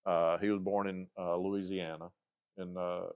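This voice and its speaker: Deep-voiced and unhurried, this livestream host in his fifties talks with a flat delivery and clean tone, recorded dry with lo-fi sound. His casual chat rambles, and he often loses his thread, filling gaps with uhs and restarting sentences.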